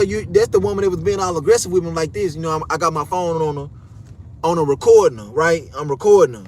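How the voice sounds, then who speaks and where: A young man telling a story in a casual, animated rant, swearing often and repeating himself. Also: sits high, fast, slight background noise.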